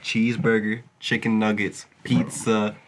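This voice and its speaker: A young man co-hosting a podcast in casual chat, joking and mimicking people in quick asides. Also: on the low side, monotone. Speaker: podcast co-host.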